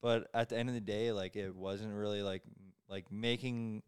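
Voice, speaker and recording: A man's voice: lowish voice, fairly even intonation, normal speed, smooth. A young man in his twenties, a podcast guest, chatting casually and rambling with constant filler words.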